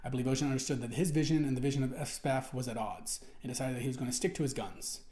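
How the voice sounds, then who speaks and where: A man with a mellow, medium-pitched voice races through forum posts, reading them aloud and firing back in an indignant, rambling rant. He keeps restarting sentences and swears often, and the recording has a roomy echo.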